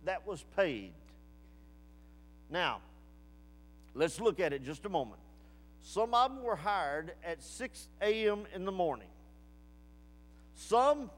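Male preacher, very high voice, folksy and emphatic, long hall reverb. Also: fairly bright tone. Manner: folksy storytelling with emphatic rising outbursts. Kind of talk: sermon.

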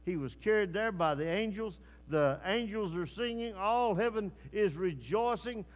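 A man preaching a sermon, swinging from hushed, low passages to loud, rising calls. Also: expressive, measured pace. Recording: long hall reverb.

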